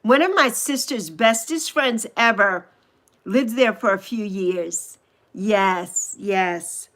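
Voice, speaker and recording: A woman in her sixties hosting a casual livestream, chatting with viewers and gushing over them with drawn-out coos. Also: mid-range voice, a bit bright. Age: 60s. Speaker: livestream host. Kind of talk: casual livestream chat reading viewer comments.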